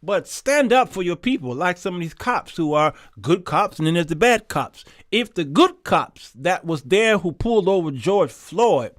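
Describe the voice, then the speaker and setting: A man's voice: high voice, animated, moderate pace, few pauses, a bit bright, no echo, clean studio sound. A man hosting a Christian talk show, reading viewer comments and talking in an emphatic, conversational way, often repeating words.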